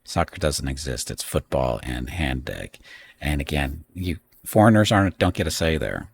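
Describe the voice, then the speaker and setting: A man's voice: extremely low pitch, animated, normal speed, vocal fry, a little hiss or hum. A middle-aged man streaming live, rambling through a games list with opinionated asides to chat. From United States. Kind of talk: casual live-stream commentary.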